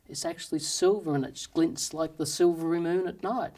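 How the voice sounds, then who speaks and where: A man's voice: on the high side, steady tone, normal speed, darkish tone, voice pushed up. A man doing the proud Silver Knight. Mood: insistent. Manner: polite at first, then firmly contradicting. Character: proud stubborn male knight, insisting on silver.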